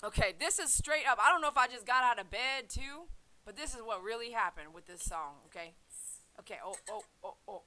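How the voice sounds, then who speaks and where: A woman talking casually on her vlog in an animated, slangy way. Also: a little high, brisk, poor audio. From United States. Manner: animated, laughing, slangy with "man" fillers. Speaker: vlogger. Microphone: headset.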